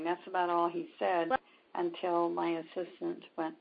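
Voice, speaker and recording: Woman storyteller, low-pitched gravelly husky voice, lo-fi recording. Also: monotone, unhurried, a little hiss or hum. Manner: retells events with quoted dialogue, many ums. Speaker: spiritual healer guest. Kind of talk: storytelling in a conversation. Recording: dull lo-fi sound.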